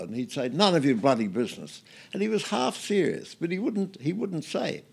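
An older Australian man, a guest in an interview, telling anecdotes in a relaxed way with many fillers and restarts. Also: lowish voice, vocal fry.

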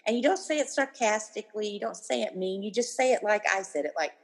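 Guesting in a casual interview, a woman in her fifties speaks quickly in a slightly rough, medium-pitched voice. She's lively, acting out the dialogue of those she quotes.

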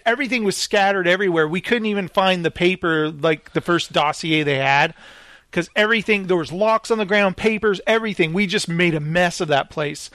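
A man telling a story in casual chat, lively and acting out the people in it. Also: sits high, no room sound. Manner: animated, acts out the people in his stories.

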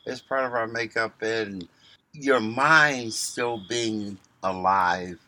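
A man co-hosting a casual podcast, teasing and cutting in with quick quips. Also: lowish voice, sharp tone, dry recording. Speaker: podcast co-host.

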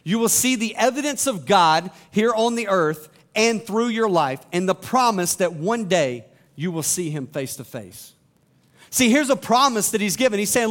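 High-voiced man preaching a sermon. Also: lively intonation, normal speed, a bit bright. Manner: reads scripture aloud and explains it, asks rhetorical questions. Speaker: pastor.

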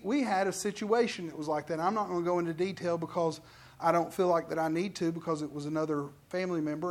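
A pastor gives a lively, conversational sermon from a church pulpit in a medium-pitched voice. They keep turning to the congregation with questions and call-outs, then push into emphatic stretches of preaching.

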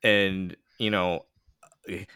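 A man speaking on a podcast panel in a relaxed way, often restarting his sentences. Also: deep voice, very slow, slight background noise. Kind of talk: casual chat.

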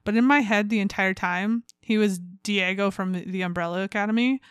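A woman co-hosting a book podcast, reacting quickly and frankly in a playful, casual chat. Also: mid-range voice, smooth, no echo, studio quality. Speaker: podcast co-host.

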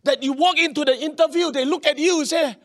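A man preaching a sermon, animated, with local particles and many restarts. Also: very high voice, fast talker. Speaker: pastor.

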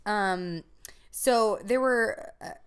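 A woman's voice: medium pitch, drawn-out words, clean tone. A young adult woman co-hosting a podcast, telling stories casually with lots of fillers and laughter. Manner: laughing, storytelling, trails off with fillers. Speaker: podcast co-host. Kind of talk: casual chat.

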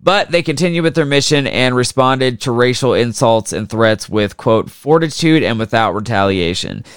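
A man's voice: mid-range voice, animated, normal speed, clear, resonant tone, no echo, clean studio sound. A man co-hosting a casual history podcast, profane and jokey, slipping into mocking voices as he tells the story. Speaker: podcast co-host.

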